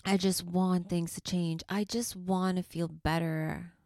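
A woman hosting a spiritual podcast for mothers, speaking softly and affectionately and sometimes dropping to a whisper. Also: lowish voice, fairly even intonation, unhurried, dry recording, clean studio sound. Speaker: podcast host and life coach. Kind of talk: slow, soothing spiritual podcast talk.

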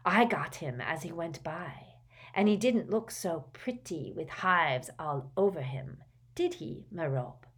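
A woman's voice: deep voice, animated, slow, husky, heavily acted. Lady voicing a creepy hissy crazy young guy, whispery and mean. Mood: gloating. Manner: hissing whisper, crackling. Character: unhinged vicious young man, hissing and gleeful.

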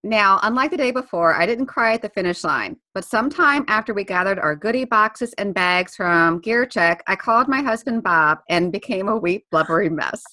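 A woman's voice: medium pitch, expressive, normal speed, few pauses, bright, forceful tone. A woman co-hosting a podcast, reading her own blog post aloud in a chatty, self-mocking way. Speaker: podcast co-host.

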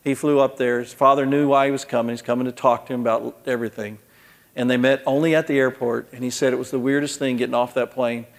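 Man, mid-pitched voice, earnest preaching, frequent restarts, long hall reverb. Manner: earnest storytelling, with restarts and repeated words. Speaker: conference speaker. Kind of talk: sermon-style talk with closing prayer.

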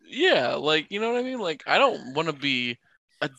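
A man co-hosting a casual podcast, trading animated, playful banter. His mid-range voice is bright and forward. It is recorded close on a dry mic. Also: on the high side, moderate pace, no echo. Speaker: podcast co-host. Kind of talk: casual chat.

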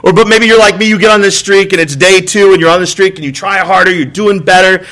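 A man's voice: high voice, fairly even intonation, quick pace, bright, forceful tone. Conversational male pastor preaching a sermon. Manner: conversational, acts out exasperated outbursts; frequent rhetorical "right?" and repeated words. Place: church.

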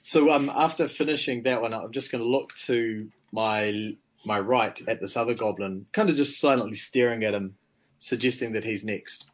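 A man's voice: lowish voice, normal speed. Playful man with faint background hiss. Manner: playful, laughs often. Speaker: player. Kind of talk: describing his character's actions.

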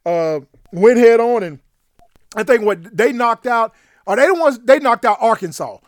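A man co-hosting a casual sports talk show, with energetic, slangy banter and a quick laugh. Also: very high voice, no room sound, clean studio sound. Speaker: co-host.

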